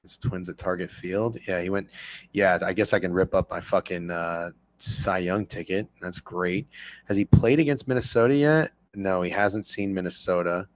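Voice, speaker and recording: A man in his thirties hosting a sports betting stream, talking casually and excitably with lots of profanity while reacting to his chat. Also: low-pitched, moderate pace. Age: 30s.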